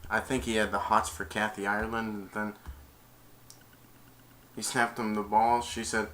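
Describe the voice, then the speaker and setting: A man's voice: fairly low pitch, flat delivery, measured pace, a bit bright. A young man in his twenties casually retelling a movie plot in a rambling, hesitant way, often correcting himself. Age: 20s. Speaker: amateur movie reviewer.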